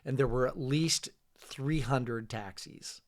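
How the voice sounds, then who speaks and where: A middle-aged man, a trip leader, telling travel stories in a relaxed, casual podcast chat, trailing off quietly. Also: mid-range voice, slow. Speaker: guest, fishing trip leader.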